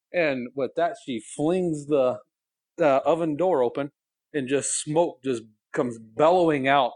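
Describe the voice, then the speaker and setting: A man's voice: on the high side, measured pace, darkish tone, no echo. A man co-hosting a casual podcast by phone from a car parked in his garage, rambling through self-deprecating stories and laughing often. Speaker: co-host.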